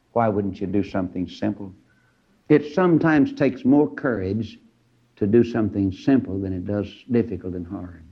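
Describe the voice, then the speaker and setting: A preacher delivers a fiery storytelling sermon. His pitch swings widely as he acts out each character and climbs into high shouts. The old recording sounds dull and lo-fi.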